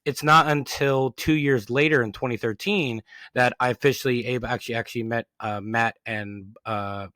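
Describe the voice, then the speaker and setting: A young man, a podcast host, sharing an excited story in casual chat and tripping over his words. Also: medium pitch, moderate pace, dry recording.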